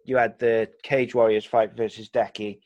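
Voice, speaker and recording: A man's voice: on the low side, little pitch movement, normal speed, a little mellow, muffled recording. A man hosting a podcast, nudging his guest along with short questions and tag endings. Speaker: podcast host. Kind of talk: casual interview chat.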